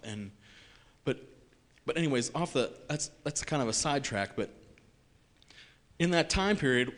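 A man giving an unscripted personal faith testimony, earnest and halting, with many restarts, repeated words and soft self-deprecating laughs. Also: mid-range voice. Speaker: lay speaker sharing a faith testimony.

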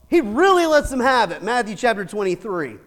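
A male pastor preaching a sermon, animated, swinging from loud emphatic bursts to quiet asides with chuckles. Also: extremely high pitch, fairly quick. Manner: animated, shifts from shouting to hushed asides with laughs. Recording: long hall reverb.

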